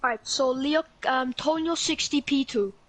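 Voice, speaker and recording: Welsh woman calmly reading out positions. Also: sits high, measured pace. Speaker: co-host reading results. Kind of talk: casual stream chat.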